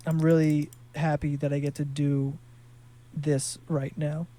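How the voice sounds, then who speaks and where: A man's voice: fairly high pitch, dark tone. A man in his twenties hosting a solo podcast, talking in a loose, rambling, profane way with lots of fillers. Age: 20s. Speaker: podcast host.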